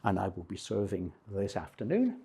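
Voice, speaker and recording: Husky older man telling funny stories. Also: deep voice, huge pitch swings, normal speed, warm tone. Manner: self-deprecating, humorous anecdotes. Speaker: speaker at a men's breakfast.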